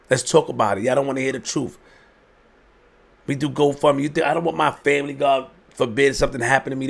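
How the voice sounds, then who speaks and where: Man, gravelly voice, emphatic commentary, preachy, rhetorical questions. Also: medium pitch. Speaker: commentary host. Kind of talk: opinion commentary monologue.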